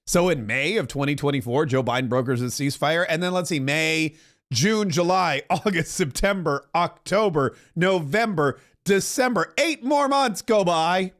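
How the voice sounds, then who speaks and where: High-voiced sarcastic male commentator. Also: moderate pace, fairly bright tone. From Florida. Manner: sarcastic, mocking, mimics quotes. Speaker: podcast host. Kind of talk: livestream political commentary.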